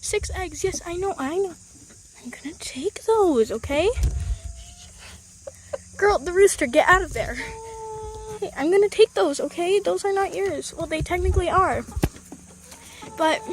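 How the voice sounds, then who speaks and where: A high-pitched young woman chats while she films herself at a chicken coop with a handheld camera. She coaxes her hens in a sing-song tone. Faint outdoor noise and clucking sit behind her voice. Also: a little slow, long pauses. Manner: chatty, coaxing the hens with baby talk. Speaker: vlogger. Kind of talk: casual vlog narration.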